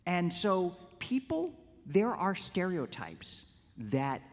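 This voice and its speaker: A man, a rabbi, giving a conversational lecture to a congregation and telling jokes in an animated way. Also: high-pitched, slow pace, big-room sound. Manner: animated storyteller, conversational with restarts.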